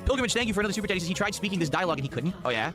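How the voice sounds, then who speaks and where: A man's voice: sits high, very animated, very fast, music in the background. A man streaming, reacting to video clips with incredulous, sarcastic commentary and plenty of swearing.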